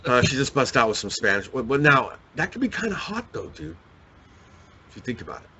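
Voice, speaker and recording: A man's voice: mid-range voice, fairly quick, a little hiss or hum. A man co-hosting a casual webcast chat, joking and laughing a lot. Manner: joking, laughs often, animated. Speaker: co-host.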